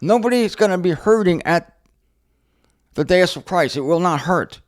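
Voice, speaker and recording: A middle-aged man teaching the Bible in an unscripted monologue, sarcastic and animated as he answers objectors directly. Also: high voice, moderate pace. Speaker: Bible teacher and show host.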